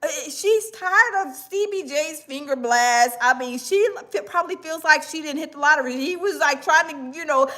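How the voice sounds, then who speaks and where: A woman hosting a gossip show, reacting in exclamatory, animated commentary. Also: sits high, normal speed, hardly any pauses.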